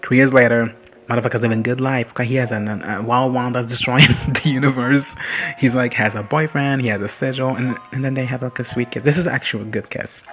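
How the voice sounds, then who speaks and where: A man's voice: medium pitch, fairly even intonation, fairly quick, a bit bright, soft background music. A man giving a casual, foul-mouthed recap of a TV episode, laughing often and acting out the characters. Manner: crude, swears freely, laughs often, acts out characters. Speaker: reaction vlogger.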